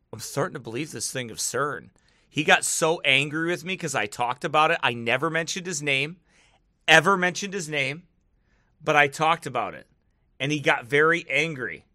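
A man's voice: on the high side, brisk, sharp tone, no echo, studio quality. A man giving casual commentary to camera, mocking and often laughing between remarks, turning preachy when he gets serious. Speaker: online video commentator.

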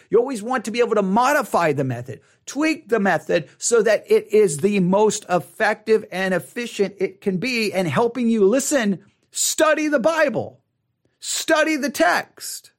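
A high-pitched man teaches a Bible study method in a casual, animated style. He repeats phrases for emphasis and throws in playful asides.

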